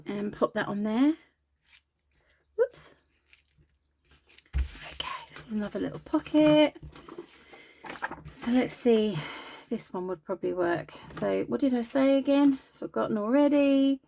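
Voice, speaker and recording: Chatty woman crafting, gravelly voice. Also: a little high, animated, measured pace, long pauses, dark tone. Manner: chatty, self-deprecating, talks while working. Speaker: craft video host. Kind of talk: casual crafting chat.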